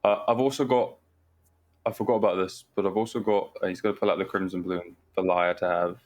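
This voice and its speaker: A man's voice: sits low, little pitch movement, fairly quick, a little mellow. A man playing in a tabletop roleplaying game, hesitant and unsure, with a lot of fillers as he explains his moves. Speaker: player. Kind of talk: casual tabletop game chat.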